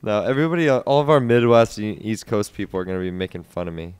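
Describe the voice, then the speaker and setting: A man's voice: fairly low pitch, fast, a little mellow, clear, resonant tone. A young man on a cooking show crew, giving short, laid-back answers in casual banter with the host. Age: young adult. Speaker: crew member.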